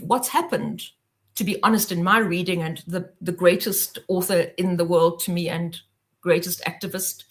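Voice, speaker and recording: A South African woman speaking earnestly and with passion as a guest on an online panel. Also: on the low side. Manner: earnest, impassioned, speaks in long flowing sentences.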